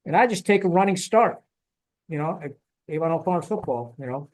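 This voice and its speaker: Man, ex-Marine interview guest, blunt, salty war storyteller, somewhat high voice. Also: animated, moderate pace, a little mellow.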